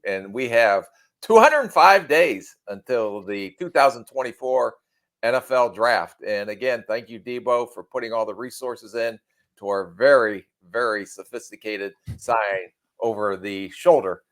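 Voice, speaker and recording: A man co-hosting a podcast, giving measured analysis with self-deprecating humor. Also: medium pitch, a bit bright. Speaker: podcast co-host and draft analyst. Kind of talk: casual podcast chat.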